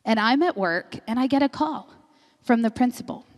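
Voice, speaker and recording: A middle-aged woman pastor preaching a sermon, telling personal stories in an animated way and often laughing as she talks. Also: on the high side, moderate pace. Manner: animated storyteller, laughs often mid-sentence. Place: church sanctuary. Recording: long reverb of a large hall.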